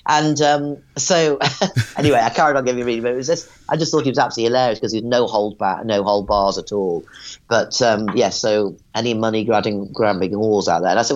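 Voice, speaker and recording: A woman, a psychic medium, telling animated and rambling stories in an interview, in a dull lo-fi recording. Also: very deep voice, fast. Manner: animated, rambling, frequent restarts. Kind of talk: casual storytelling interview.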